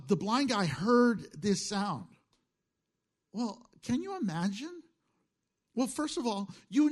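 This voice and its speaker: A middle-aged male pastor preaches conversationally, alternating hushed asides with emphatic lines and chuckling at his own jokes. His voice sits high.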